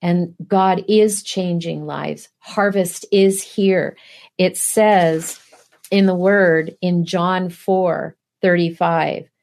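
A woman's voice: fairly low pitch, fairly even intonation, very slow, creaky, a little mellow. A middle-aged woman giving an earnest preaching testimony, pressing her listeners with rhetorical questions. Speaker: guest speaker.

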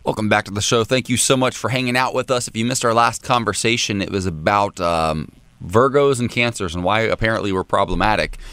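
A man's voice: lowish voice, brisk, a bit bright, a little hiss or hum. A man co-hosting a morning radio show, chatting animatedly and laughing often. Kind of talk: casual radio banter.

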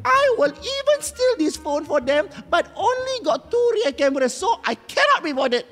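A woman's voice: very high voice, big pitch swings, moderate pace. A woman voicing a whiny undead infant spirit boy with a Malaysian English accent, petulant and self-pitying. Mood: complaining. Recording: long reverb with music behind.

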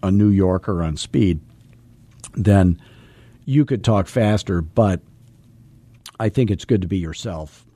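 A man's voice: low voice, slow, pauses often, mellow, breathy edge, no echo. A middle-aged man hosting a podcast, coaching in a casual, joking, folksy way. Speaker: podcast host and real estate coach.

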